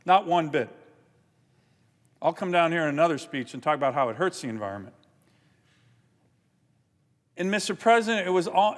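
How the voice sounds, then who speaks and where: A man giving an indignant, forceful floor speech as a senator, often repeating his points. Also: on the high side, big-room sound. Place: large legislative chamber.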